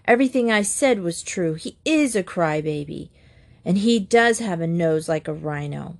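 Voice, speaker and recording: A woman voicing a young boy who is rude and defiant, shouting insults in a storybook reading. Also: lowish voice, animated, normal speed, gravelly.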